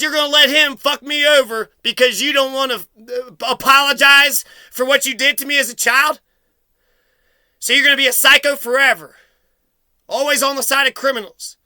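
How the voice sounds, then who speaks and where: Angry man confronting someone on camera: high, very bright voice, dry close sound, profane and accusatory. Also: clean tone, dry recording. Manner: accusatory, swearing, repeating himself. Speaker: vlogger confronting his mother.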